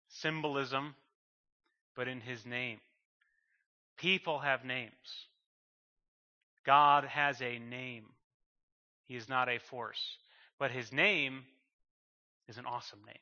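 Preaching with force, this man has a bright, mid-range voice; he repeats phrases and rises into fervent bursts as the sermon goes on. Long hall reverb and a muffled quality color the recording.

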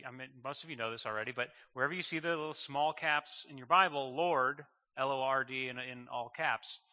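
A man's voice: medium pitch, sharp tone. A man preaching a sermon in an emphatic way, repeating phrases and building to fervent bursts. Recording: muffled sound with long hall reverb.

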